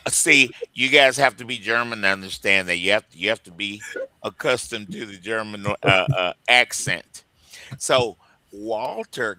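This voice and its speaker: A man's voice: lowish voice, sharp tone, no room sound. A man from co-hosting a radio talk show on recruiting, joking and laughing often in casual chat.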